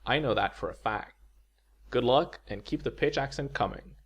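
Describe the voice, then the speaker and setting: A man's voice: mid-range voice, normal speed, breathy edge. A man whose first language is Swedish, giving an upbeat, reassuring video lecture on pronunciation. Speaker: language teacher.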